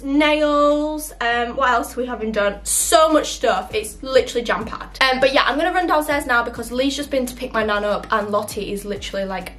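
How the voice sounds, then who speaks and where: Bubbly high-voiced young woman vlogging. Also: fairly bright tone. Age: young adult. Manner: chatty, bubbly and rambling. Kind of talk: casual vlog to camera. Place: home, indoors. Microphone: handheld camera.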